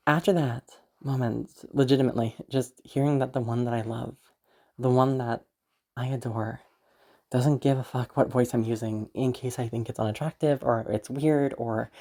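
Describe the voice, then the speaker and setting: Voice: medium pitch, dark tone. A young adult YouTube voice creator chatting casually to camera, rambling with frequent fillers and giggles. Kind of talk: casual vlog talk to camera.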